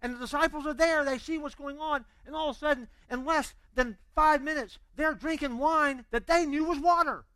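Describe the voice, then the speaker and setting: A man preaching a sermon, telling stories with energy and acting out the quotes, then dropping to quiet intensity. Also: very high voice, normal speed, hardly any pauses, no room sound, poor audio. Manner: animated storytelling, acting out quotes. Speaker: pastor.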